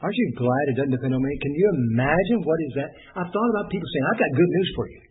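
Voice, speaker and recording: A man preaches with a husky, breathy voice pitched a little high. His delivery is animated, swinging widely in pitch as he drives his points home. The sound is thin and tinny, like a phone line. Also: racing. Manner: animated, emphatic, rising to exclamations and short laughs. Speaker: pastor. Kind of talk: sermon.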